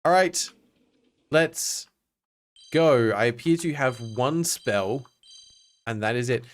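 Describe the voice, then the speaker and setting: A man's voice: medium pitch, slow, pauses often. An Australian man streaming a game, chatting casually and reading on-screen text aloud with self-mocking asides. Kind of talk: casual gameplay commentary.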